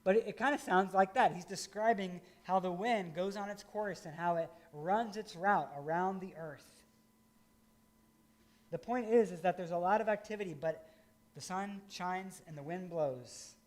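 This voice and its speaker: A middle-aged man from rural Indiana preaches in a relaxed, conversational way, full of folksy asides. His voice sits notably high for a man. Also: moderate pace. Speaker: pastor. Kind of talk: sermon.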